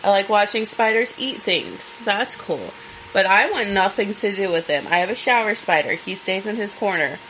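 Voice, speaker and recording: A woman co-hosting a casual podcast, blunt and animated, swearing freely. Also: mid-range voice, normal speed, slight background noise, low-quality recording. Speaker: podcast co-host. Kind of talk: casual chat.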